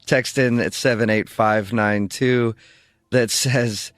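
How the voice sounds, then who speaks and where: A man's voice: mid-range voice, fairly even intonation, takes it slowly, fairly bright tone, no echo. Amused male radio co-host. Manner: amused, reads listener texts. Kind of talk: morning radio banter.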